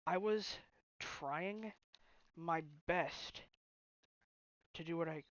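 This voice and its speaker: A young man vents in a personal vlog, frustrated and halting, stumbling through restarts. The recording is dull and lo-fi. The room around him sounds close and dry. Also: a little high, fairly bright tone, dry recording. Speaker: vlogger. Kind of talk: emotional personal vlog rant. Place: bedroom at home.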